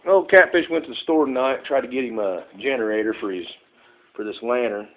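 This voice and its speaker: A man's voice: mid-range voice, fairly quick. A man talks casually and folksily while fixing a lantern, calling his viewers "folks" and rambling with plenty of "uh"s, recorded on a phone indoors at home. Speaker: home repair vlogger. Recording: tinny phone recording with faint noise.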